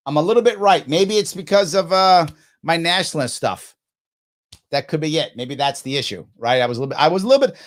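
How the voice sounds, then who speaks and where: Chatty, musing man hosting a live stream. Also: on the high side. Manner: musing aloud, frequent self-interruptions and laughs. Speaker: show host.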